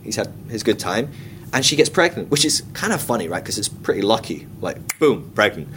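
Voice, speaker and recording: A man leading a Bible study class in a casual, chatty way, full of comic asides and quick acted-out quotes. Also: fairly low pitch, very animated, fairly bright tone, slight background noise.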